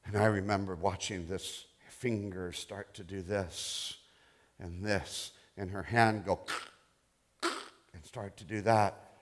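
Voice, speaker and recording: A middle-aged male pastor preaching a sermon, telling a testimony softly and rising to loud, impassioned declarations. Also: sits low, fairly even intonation, slow. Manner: quiet storytelling building to loud, impassioned declarations.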